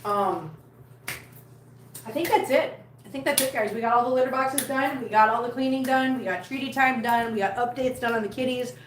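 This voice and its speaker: A woman's voice: on the high side, a little fast, roomy sound, a little hiss or hum, rough recording. A woman chatting casually on a live stream from home, laughing often and cooing at her cats. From Missouri, USA. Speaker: cat vlogger.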